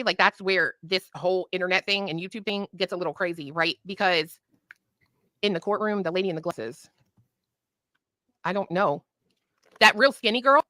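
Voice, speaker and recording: A woman joins a casual stream as a guest, speaking a little low with a bright, hard edge. She is blunt and heated, swearing often, and the sound is dry and close. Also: no echo. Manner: blunt and heated, heavy profanity. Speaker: guest on a livestream. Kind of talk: casual chat.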